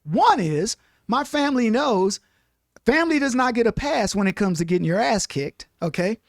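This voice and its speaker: A boisterous man in animated political conversation, telling stories and acting out what people say in different voices. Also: very high voice, moderate pace, no room sound, clean studio sound. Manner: boisterous, acts out quotes in changing voices. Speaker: guest, radio host and commentator.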